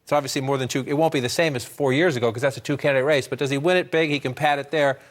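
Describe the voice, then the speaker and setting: A man with a mid-range voice and fairly even intonation delivers live election-night analysis at a studio map on TV news. His explanation is brisk, and he thinks out loud with quick restarts.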